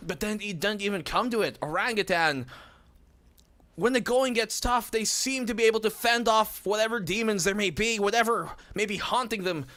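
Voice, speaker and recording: Bright high-voiced male esports caster. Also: moderate pace, no echo. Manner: analytical, breaks down plays. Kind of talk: esports commentary.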